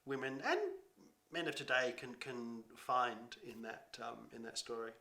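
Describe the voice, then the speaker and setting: A man's voice: medium pitch, steady tone, unhurried, bright, forceful tone. A man chatting casually, laughing often and restarting his phrases. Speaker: children's science performer. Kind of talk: casual chat. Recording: roomy echo.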